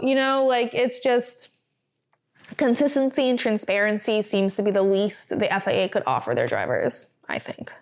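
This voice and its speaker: Chatty woman podcast host, higher voice. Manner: chatty and animated, with filler words and laughs. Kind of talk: casual chat, reading a statement aloud.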